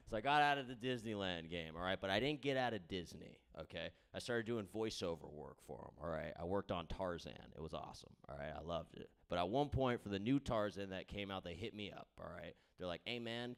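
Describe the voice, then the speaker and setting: A man's voice: low voice, expressive, fast, gravelly, smooth. A young man doing a stand-up set in a comedy club, rambling through crowd work and stories with lots of filler and a habit of asking "all right?".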